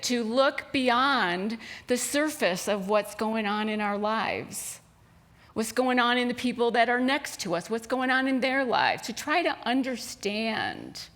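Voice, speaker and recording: A woman's voice: on the high side, lively intonation, unhurried, fairly bright tone. A woman minister giving a Sunday sermon in a spiritual center, talking conversationally with asides and a joke.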